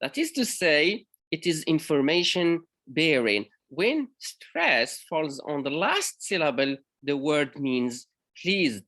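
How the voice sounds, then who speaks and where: A man from Morocco, a university lecturer, giving an academic conference presentation in a halting way, with frequent pauses and self-corrections. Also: fairly high pitch, sing-song, a bit bright.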